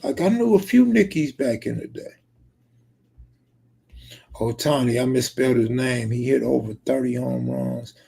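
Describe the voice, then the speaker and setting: Brief: gravel-voiced male streamer, dark husky tone, joking, swears freely. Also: medium pitch, moderate pace, long pauses. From California. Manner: reads viewer comments aloud and banters back, profane and joking. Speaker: live streamer reading chat. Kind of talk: casual live-stream chat.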